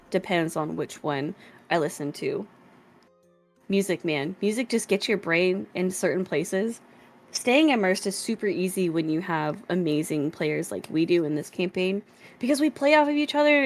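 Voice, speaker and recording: In a bubbly, rambling way, a woman with a lowish voice chats casually on a live stream about her cats and her tabletop game character.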